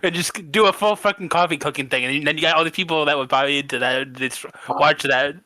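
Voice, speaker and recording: A man joins a casual podcast chat with offhand jokes. His voice is fairly high and bright with a forward edge. The sound is close and dry, with no room around it. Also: brisk, no echo.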